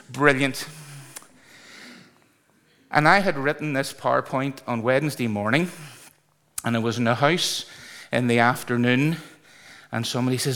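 In an echoey church hall, a man with a medium-pitched, fairly bright voice preaches and leads his large congregation. His delivery is unhurried, with long pauses, earnest and conversational but punctuated by sudden exclamations, and the sermon includes congregational singing.

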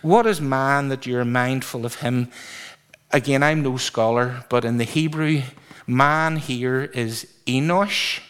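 Slow-talking preacher man. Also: mid-range voice, clear, resonant tone. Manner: lively, drawn-out emphasis, asks congregation questions. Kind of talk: sermon.

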